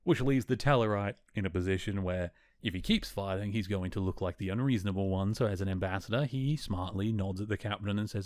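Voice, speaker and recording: Low-voiced, chatty podcast host. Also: male voice, fairly quick, hardly any pauses, darkish tone, dry recording. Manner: chatty, enthusiastic, self-correcting, laughs now and then. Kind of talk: casual chat, recapping an episode.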